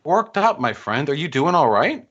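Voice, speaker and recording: A man joining a live-stream debate by call as guest, sarcastic and mocking in a calm, needling way. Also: a little high, moderate pace. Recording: dull lo-fi call audio.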